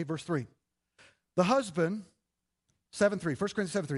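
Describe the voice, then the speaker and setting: Animated preaching man. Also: high voice, normal speed, pauses often, breathy edge. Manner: animated, conversational preaching with rhetorical questions. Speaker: pastor. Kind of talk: sermon.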